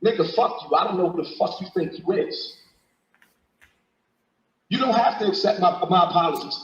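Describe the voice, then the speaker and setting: A man's voice: high voice, normal speed, pauses often, roomy sound, dull audio. A man arguing heatedly on a panel, confrontational and profane. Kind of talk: heated argument on a live panel.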